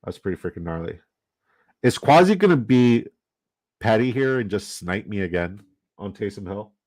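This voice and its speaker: A man's voice: on the low side, animated, moderate pace, a little mellow. A man from Canada, giving loose, jokey commentary and swearing casually while running down a fantasy football draft.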